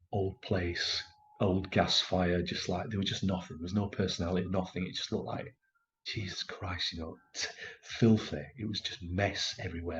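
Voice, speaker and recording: Middle-aged man, deep voice, emotional storyteller with restarts; dull recording. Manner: halting, emotional, many restarts and fillers. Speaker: actor telling his story as a guest. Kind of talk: personal storytelling in a conversation.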